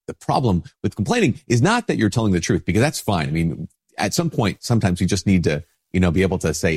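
A priest with a stuffy nose from a cold, giving an informal spoken reflection with many restarts. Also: male voice, low-pitched, lively intonation, fast talker, a little mellow, slightly rough.

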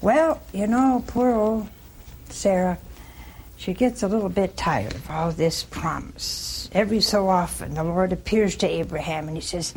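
A woman preacher giving a folksy, animated sermon, throwing rhetorical questions at her listeners. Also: on the low side, unhurried, husky.

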